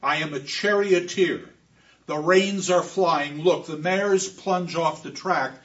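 Lecturer voicing a haunted young avenger, high and sharp, dull distant recording. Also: male voice, takes it slowly. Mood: anguished. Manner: declaiming, rising to shouts. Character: anguished young male avenger, haunted and frantic.

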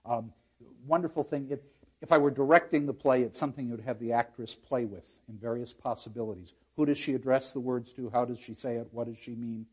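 A man lecturing on literature, reading lines aloud dramatically and talking to his class with animated, emphatic asides. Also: medium pitch, a little fast, slightly rough, dull audio.

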